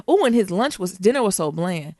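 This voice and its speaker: A woman co-hosting a podcast in a casual chat, animated and quick to laugh, swearing freely. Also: medium pitch, dry recording, clean studio sound. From Detroit, USA. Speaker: podcast co-host.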